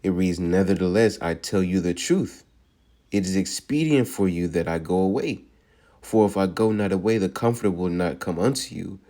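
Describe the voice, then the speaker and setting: A man teaching from scripture in a sermon, reading verses slowly and breaking them up with "all right" before he explains them. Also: deep voice, mellow. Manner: reads verses slowly, repeats "all right" between points. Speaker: preacher.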